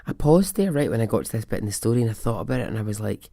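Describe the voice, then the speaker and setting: A man with a lowish voice tells a story for his podcast in a chatty, wry way, often laughing at his own asides. The sound is dry and close, with no room around it. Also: big pitch swings, racing, vocal fry, few pauses, warm tone, no echo. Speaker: podcast host. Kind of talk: casual storytelling.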